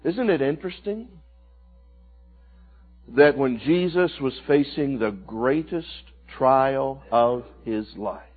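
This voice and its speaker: A man preaching a sermon, swinging from loud cries to hushed, quiet lines. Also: medium pitch, slow pace, husky. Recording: tinny phone-like sound with faint music.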